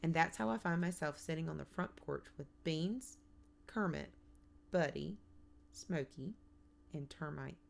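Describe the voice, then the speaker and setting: A woman reading a first-person children's novel aloud in a measured, plain storytelling manner. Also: low voice, vocal fry. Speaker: audiobook narrator. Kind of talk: first-person audiobook narration.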